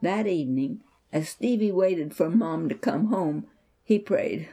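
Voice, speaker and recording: A woman reads a Christian children's story aloud, slowly and expressively. Her voice is mellow and soft-edged, and her intonation rises and falls widely, as in a bedtime read-aloud. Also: on the low side, animated.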